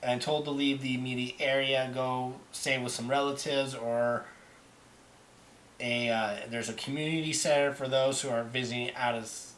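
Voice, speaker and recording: A young man narrating a tabletop game as game master in an animated, halting way. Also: mid-range voice, slight background noise.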